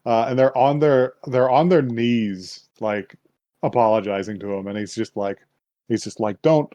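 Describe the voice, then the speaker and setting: A man hosting a podcast, telling an anime story in casual chat, with lots of laughter and quick switches into voices. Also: on the low side, no echo. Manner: animated, laughing storyteller who acts out voices. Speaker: podcast host.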